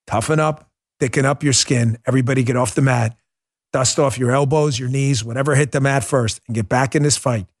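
A middle-aged man hosting a political commentary show, talking in an animated, mocking way with quick asides. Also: medium pitch. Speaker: host.

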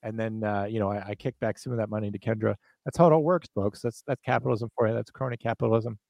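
A man's voice: lowish voice, fairly even intonation, fast talker, creaky, a little mellow, no room sound. A man co-hosting a podcast, doing playful, overplayed ad reads in a casual, joking way. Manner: jokey, overplayed sales energy. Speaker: podcast co-host reading ads.

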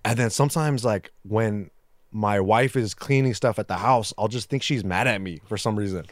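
A man's voice: lowish voice, moderate pace, dry recording, clean studio sound. A man in his thirties, a podcast guest in casual chat, laid-back, slangy, swearing freely.

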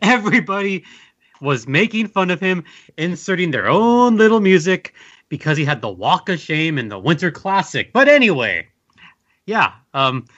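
A man's voice: high-pitched, sing-song, moderate pace, fairly bright tone. Man, podcast guest, casual chat, rambling wry storytelling, lo-fi sound. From Southern California.

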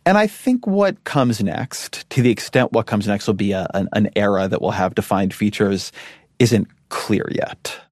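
Thoughtful low-voiced man, dry sound. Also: no room sound. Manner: thoughtful, measured, frequent restarts. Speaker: podcast guest. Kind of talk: conversational interview.

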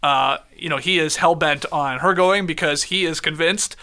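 A man with a high, bright, forceful voice talks through a show recap like an easygoing podcast host. He walks through events step by step and drops in plenty of "uh"s as he goes. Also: clear, resonant tone. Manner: lays out events in quick order with many "uh" fillers. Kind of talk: casual recap chat.

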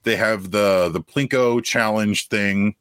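A man's voice: lowish voice, takes it slowly, a bit bright, clear, resonant tone, no echo, clean studio sound. A young man co-hosting a casual sports podcast, riffing animatedly on ideas. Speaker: podcast co-host.

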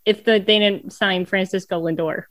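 A woman co-hosting a casual sports podcast, animated and quick to mock fans in put-on voices. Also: mid-range voice, dry recording. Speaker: podcast co-host.

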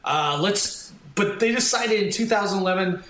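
High, bright-voiced podcast host. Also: male voice. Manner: halting, lots of restarts, upbeat. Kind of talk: casual podcast chat. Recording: echoey room.

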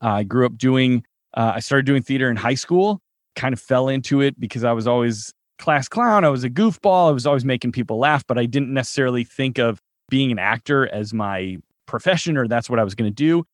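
A man in his thirties from the Chicago suburbs, an actor telling stories as a guest in a casual interview, animated and laughing now and then. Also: medium pitch, fairly quick, no room sound, studio quality. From Chicago suburbs, US Midwest. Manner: animated storyteller, laughs while talking.

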